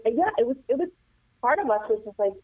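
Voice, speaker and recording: A woman working as a nurse and assisted living administrator, giving earnest caregiving advice as a guest and telling stories in a lively way. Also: fairly high pitch, fast, no echo. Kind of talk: casual advice chat. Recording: tinny dry phone line.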